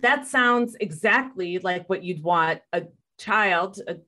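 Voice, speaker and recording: Woman host, thoughtful and empathetic, lowish voice. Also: animated, slow, pushed and bright. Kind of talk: interview conversation.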